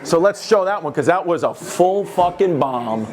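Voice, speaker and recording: A slightly high-pitched man with a New York accent, working through a stand-up story. He talks with animated energy and laughs at his own lines. Afterwards he chats loosely offstage, still winded and sweaty from the set. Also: normal speed. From Queens, New York. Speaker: stand-up comedian. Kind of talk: stand-up storytelling, then backstage chat.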